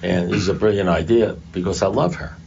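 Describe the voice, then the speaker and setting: A man's voice: sits low, a little fast, creaky, heavy background noise. An older man speaking at a recovery meeting, telling his story to a group in a conversational, self-mocking way, recorded in a muffled, lo-fi room.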